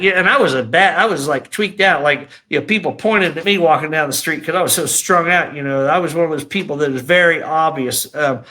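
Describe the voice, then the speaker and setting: A middle-aged man speaks in a slightly raised, bright voice as he shares a personal testimony. His delivery is raw and emotional yet conversational, full of casual asides. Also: on the high side, fairly quick. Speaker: guest sharing a testimony.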